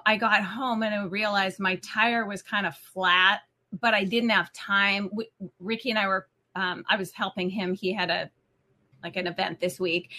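A woman's voice: medium pitch, bright, forceful tone. A middle-aged woman co-hosting a casual faith talk, telling an emotional story in a chatty way.

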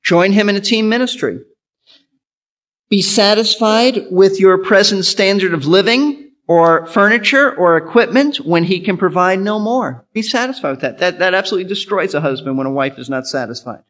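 A man's voice: sits high, moderate pace, a bit bright. A male pastor giving an earnest sermon, teaching in an instructive way and repeating his key points.

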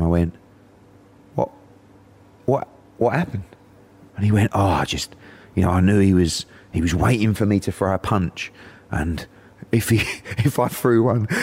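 Deep-voiced man telling a story. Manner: animated storyteller, acts out other voices. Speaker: podcast guest, boxing promoter. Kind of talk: anecdotal storytelling.

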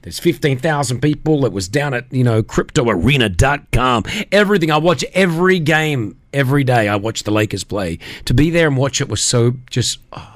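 A man co-hosting a radio show, telling a story in a jokey, emphatic, animated way. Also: medium pitch, a little fast, hardly any pauses, no echo, studio quality. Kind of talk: casual radio banter.

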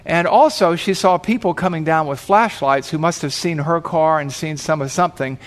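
A man's voice: fairly high pitch, moderate pace. A man preaching, telling a long story vividly and acting out the voices in it. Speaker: pastor. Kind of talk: sermon storytelling.

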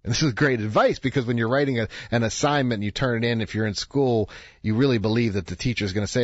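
A man's voice: mid-range voice, fast, dry recording. Radio host man telling stories, dry studio. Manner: conversational storytelling, acts out quoted voices. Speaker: radio talk show host. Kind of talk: radio talk monologue. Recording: dry, slightly dull studio sound.

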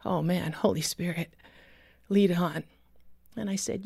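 A woman telling a personal faith story as a guest, earnest, with pauses and restarts. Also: fairly low pitch, steady tone, creaky, dark tone, breathy edge, no room sound, clean studio sound.

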